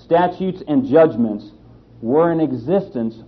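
A man's voice: fairly high pitch, expressive, takes it slowly, slightly rough. A man teaching a sermon on scripture, who speaks emphatically, repeats his key phrases and asks rhetorical questions. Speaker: Bible teacher. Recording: slightly dull lo-fi sound.

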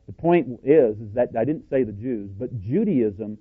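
A man preaching a sermon, speaking emphatically and slowing down to read out quotations. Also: medium pitch, husky. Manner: emphatic, slows down to read quotes. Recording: tinny phone-like audio.

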